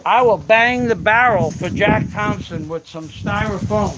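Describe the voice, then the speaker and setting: A man's voice: sits high, moderate pace, hardly any pauses. A man hosting a casual livestream while working outdoors, reading chat comments aloud and swearing freely. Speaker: livestream host. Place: outdoors in a yard, working on metal. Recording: loud outdoor background noise.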